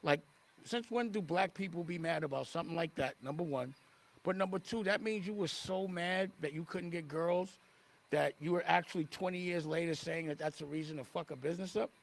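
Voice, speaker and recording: A man speaks with a raised, gravelly voice, full of indignation as he defends himself. He often restarts and repeats words mid-sentence. His tone stays heated and insistent. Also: a little high, a little fast. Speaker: interviewee in a played clip. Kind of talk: heated interview talk.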